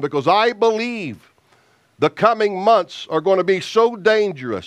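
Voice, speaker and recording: A man preaching a sermon as an evangelist, slow and emphatic with deliberate pauses. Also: high voice, sing-song, dry recording.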